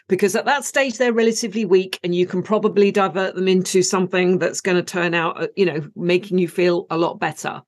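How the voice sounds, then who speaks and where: A woman with a British accent, an acupuncturist guest calmly explaining things step by step. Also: fairly low pitch. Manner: calm, measured, step-by-step explaining. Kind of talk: explanatory interview answer.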